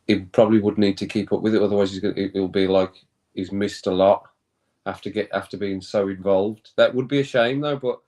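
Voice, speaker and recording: A man's voice: fairly low pitch, a little mellow. A man hosting a casual watch-along stream, chatting with viewers and often laughing. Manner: chatty, reads chat comments aloud, laughs often, reacts to play. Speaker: live stream host.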